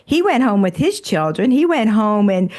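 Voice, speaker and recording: A woman's voice: mid-range voice, sing-song, moderate pace, darkish tone. A female coach with a mid-range voice who affirms the guest often. She explains her points by acting out inner voices in short quoted asides, in a live coaching session.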